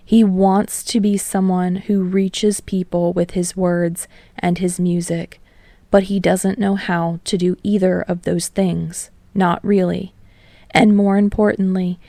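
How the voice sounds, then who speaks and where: A woman narrating fan fiction aloud, steady and slowing on emotional passages. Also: lowish voice, gravelly, dry recording. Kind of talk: audiobook narration.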